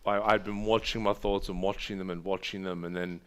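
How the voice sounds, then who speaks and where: Laid-back man, smooth low voice. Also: flat delivery, a little fast. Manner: rambling, restarts words, laughs at own stories. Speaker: podcast co-host. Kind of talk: casual chat.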